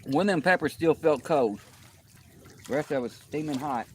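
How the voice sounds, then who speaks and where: A man's voice: on the high side, moderate pace. Guy at a campfire by the water, laid back, chatting to viewers, a little outdoor noise. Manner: relaxed, folksy, talks to viewers between bites. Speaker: outdoor vlogger. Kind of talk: casual outdoor vlog talk.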